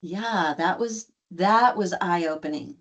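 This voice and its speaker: Lively low-voiced woman storyteller. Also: slow, dull audio. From United States. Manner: animated, acts out quoted dialogue with restarts. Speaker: podcast guest, adoptive mother. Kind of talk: storytelling in conversation.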